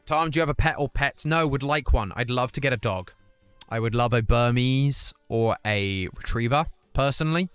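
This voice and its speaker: A man's voice: mid-range voice, normal speed, fairly bright tone, smooth, no room sound. A young man with a British accent chats casually on his live stream, picking up viewer comments and answering them in an easy, conversational way. The sound is close and dry, with faint music playing in the background. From United Kingdom. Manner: chatty, reads out chat comments and answers them.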